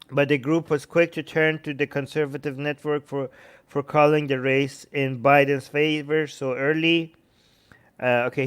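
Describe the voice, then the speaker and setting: A man's voice: fairly high pitch, clear, resonant tone. A man hosting a live-stream commentary, reading news snippets aloud and reacting to viewer comments with sarcastic asides. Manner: sarcastic, mocking impressions of others. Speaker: host.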